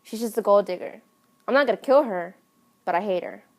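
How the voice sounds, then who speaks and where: A spoiled, entitled young woman, as a woman puts her on, whining and barking demands in a petulant, bossy tone. Her voice sits at an ordinary middle pitch, pushy rather than shrill. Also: expressive, brisk, a little mellow, close to an everyday voice. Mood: sulky.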